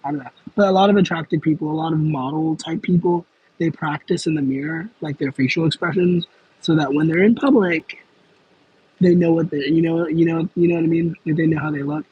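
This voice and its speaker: Young male streamer, casual comment-reading chat, rambling delivery, slightly husky tone. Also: a little high, brisk, muffled recording. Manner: rambling, self-aware, with frequent fillers and laughs. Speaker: livestream host.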